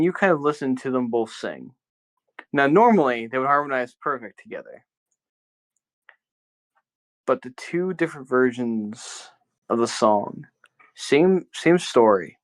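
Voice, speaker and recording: Slow, easygoing game master narrating. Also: mid-range voice, low-quality recording. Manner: casual, loose phrasing with many fillers.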